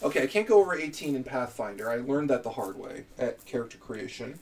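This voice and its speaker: A man's voice: mid-range voice, lively intonation, fast talker, far from the mic, a crowd in the background. A man from Canada, chatting casually on a live stream in a rambling, self-mocking way while he builds a character.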